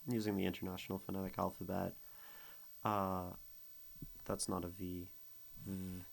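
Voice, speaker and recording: A man's voice: on the low side, creaky, fairly bright tone, rough recording. A man streaming as a poetry critic, thinking aloud in a casual way and sounding out rhythms and syllables as he reads lines. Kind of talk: casual livestream poetry analysis.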